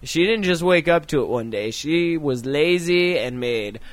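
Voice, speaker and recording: A man's voice: fairly high pitch, animated, a little slow, no echo. A man hosting a casual chat show, reading out news items and joking, often swearing and breaking into laughter. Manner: profane, giggly, joking. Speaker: podcast host.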